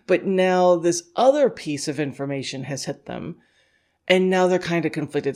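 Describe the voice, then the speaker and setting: Her voice sits on the low side and sounds a little mellow. As host of a dog-training podcast and a scent work instructor, she explains things in a relaxed way, musing aloud with "like" and "you know," laughing frequently and giving the dog's thoughts small quoted voices.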